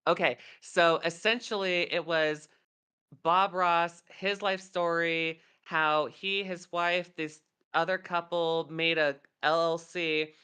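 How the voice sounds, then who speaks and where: Woman in her thirties, podcast co-host, rambling anecdotes, bright smooth tone. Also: lowish voice, fairly even intonation, slow. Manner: rambling storyteller, many fillers. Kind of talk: casual chat.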